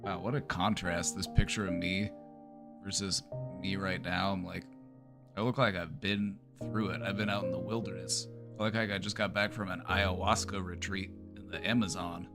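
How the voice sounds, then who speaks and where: A man's voice: deep voice, flat delivery, moderate pace, over music. A therapist chatting casually on a livestream, playful and easygoing, often repeating his phrases and laughing. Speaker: therapist streamer.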